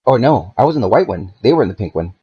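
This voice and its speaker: A podcast guest with a fairly low, breathy voice rattles through a long story at high speed and with lots of energy. He's laid-back and profane, rambling along with plenty of "like"s. The podcast audio sounds dull and lo-fi.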